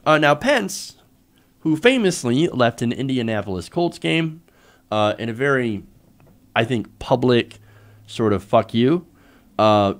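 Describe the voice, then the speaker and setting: A man's voice: mid-range voice, sing-song, unhurried. A man hosting a live political commentary show, ranting in an exasperated, sarcastic way with frequent profanity.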